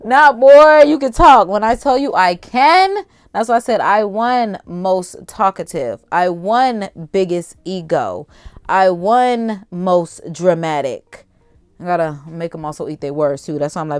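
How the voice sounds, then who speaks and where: A young adult woman hosting a casual livestream, chatty and animated, talking straight to her viewers in slangy asides. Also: fairly low pitch, measured pace, clean tone, no room sound. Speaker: livestream host.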